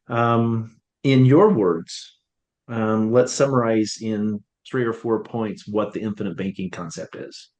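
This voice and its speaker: A man's voice: fairly low pitch, steady tone, takes it slowly, darkish tone. Male podcast host asking a question. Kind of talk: interview question.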